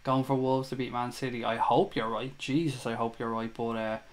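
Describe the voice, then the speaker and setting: A man's voice: mid-range voice, flat delivery, moderate pace. A man hosting a fan chat show livestream, talking casually and with feeling to his viewers and reading out their comments. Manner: chatty, emotional, reads viewer comments aloud.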